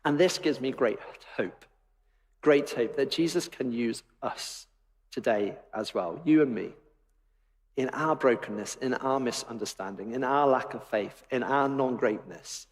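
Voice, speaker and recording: A man's voice: medium pitch, unhurried. A man preaching a sermon in a church, emphatic and wry in tone. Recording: long reverb of a church hall.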